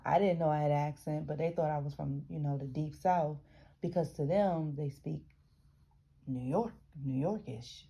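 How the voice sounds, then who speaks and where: A woman's voice: deep voice, moderate pace, mellow, slightly rough. A woman from the American South reading a memoir aloud and breaking off into chatty asides, restarting words as she goes. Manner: frequent restarts and self-corrections while reading. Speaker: reader.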